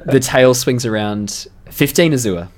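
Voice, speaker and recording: A man's voice: mid-range voice, animated, unhurried. A man narrating as dungeon master, chatty and laughing often. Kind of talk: narrating a tabletop game.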